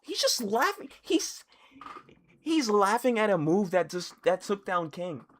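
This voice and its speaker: A young male streamer talks through a live reaction, his pitch bouncing all over. He drops to low mutters while reading, then bursts out loud in surprise and repeats himself. He speaks close into a desk mic. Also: measured pace, a little hiss or hum. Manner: excitable, swings from muttering to loud surprised outbursts, repeats phrases.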